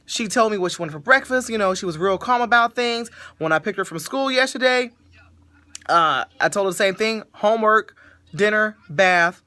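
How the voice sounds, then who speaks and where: A woman hosting a casual podcast, telling a story in an animated way and laughing often. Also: medium pitch, brisk, no echo. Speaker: podcast host.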